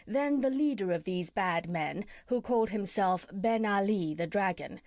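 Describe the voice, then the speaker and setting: A woman's voice: medium pitch, a little slow, few pauses, dry recording. Woman narrating a classic children's story. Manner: steady storytelling. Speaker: audiobook narrator. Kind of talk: scripted narration.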